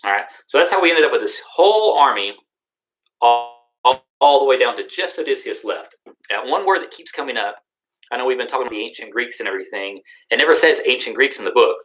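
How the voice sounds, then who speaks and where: A man's voice: medium pitch, animated, fast, a bit bright, rough recording. Casual, slangy young male teacher. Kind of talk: casual recorded lesson recap.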